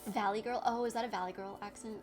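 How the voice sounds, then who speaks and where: A young woman chats easily with her viewers while she works on a craft project. She answers their comments and laughs often. Her voice sits at a middle pitch, with music playing clearly in the background. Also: steady tone, quick pace. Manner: chatty, reacts to chat, laughs often. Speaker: streamer.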